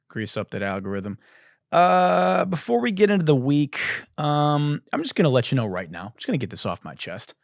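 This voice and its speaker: A man hosting a comedy podcast, delivering a profane, animated ranting monologue into a close studio mic. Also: medium pitch, normal speed, gravelly, clear, resonant tone, no room sound. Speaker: podcast host.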